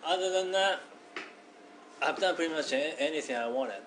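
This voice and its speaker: A man chatting casually on a comedy podcast, laid-back and quick to laugh. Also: fairly high pitch, lively intonation, a bit bright, slight background noise, poor audio. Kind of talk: casual chat.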